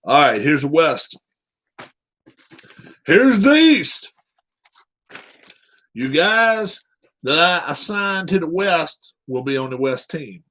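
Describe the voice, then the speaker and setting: Slow, lively-voiced man chatting casually. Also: fairly high pitch, low-quality recording. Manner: rambling, chatting with viewers while setting up a game. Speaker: streamer hosting viewers. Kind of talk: casual live-stream chat.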